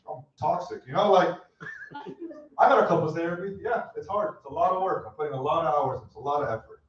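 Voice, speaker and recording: Self-mocking stand-up comic in a roomy club. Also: male voice, high voice, quick pace. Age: 30s. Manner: deadpan, self-mocking, laughs at his own jokes. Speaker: stand-up comedian. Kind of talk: stand-up comedy set with crowd work. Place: comedy club stage. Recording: roomy, distant, dull club recording.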